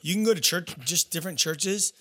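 Earnest man with a bright, slightly high voice. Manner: earnest, advising, with emphatic slow stretches. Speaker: interview host. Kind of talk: casual interview talk.

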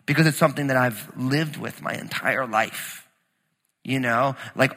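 Guy pastor, bright forceful voice, telling stories in his sermon, big echoey hall. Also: mid-range voice. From New Jersey. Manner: animated, storytelling, shifts between quiet scripture reading and emphatic teaching.

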